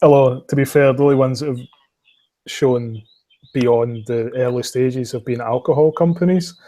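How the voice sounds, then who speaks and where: A man's voice: medium pitch, steady tone, moderate pace, dark tone. A man from Scotland with a West of Scotland accent, hosting a casual podcast chat, swearing and laughing often. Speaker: podcast host.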